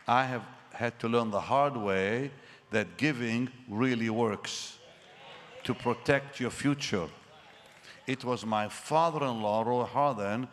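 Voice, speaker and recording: A man in his seventies preaching a sermon, telling his story with animated delivery and acting out conversations. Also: mid-range voice. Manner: animated storytelling, acts out dialogue. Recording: long reverb of a large hall.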